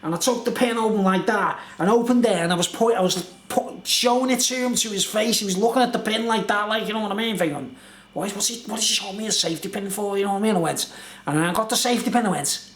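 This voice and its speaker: Chatty man with a high voice. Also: fast, echoey room. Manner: chatty, laughs often, fills with "you know what I mean". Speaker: vlogger telling a story. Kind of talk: rambling casual storytelling.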